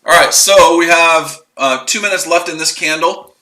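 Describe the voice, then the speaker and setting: A man's voice: a little high, moderate pace, pushed and bright, reverberant, poor audio. A man hosting a casual live trading stream, rambling and repeating himself as he explains his trades. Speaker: trading livestream host.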